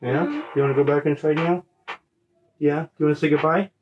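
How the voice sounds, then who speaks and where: A parent using gentle, coaxing baby talk to a small child, repeating words slowly and reassuring the child. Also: medium pitch, dull audio, a little hiss or hum. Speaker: parent showing animals to a toddler.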